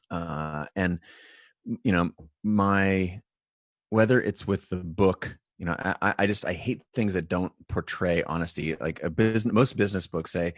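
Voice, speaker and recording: Deep gravelly man hosting a live stream. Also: no echo, studio quality. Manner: encouraging, loose and conversational. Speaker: host of a live video Q&A. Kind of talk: casual live-stream talk and Q&A. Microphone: live-stream setup with video call.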